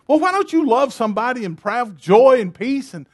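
A man's voice: very high-pitched, sing-song, normal speed, a little mellow, husky. A man preaching a sermon, emphatic and repetitive, firing rhetorical questions at his congregation.

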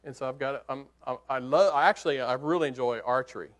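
A man preaching, telling a hunting story as a sermon illustration in an animated, conversational way that swings from hushed to excited. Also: mid-range voice, fast.

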